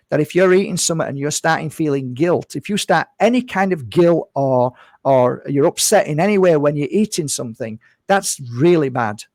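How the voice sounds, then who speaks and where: A man's voice: on the high side, a little mellow, dry recording, clean studio sound. A man talking casually to camera as a healer and vlogger, earnest and rambling, repeating his phrases and calling his viewers "guys.".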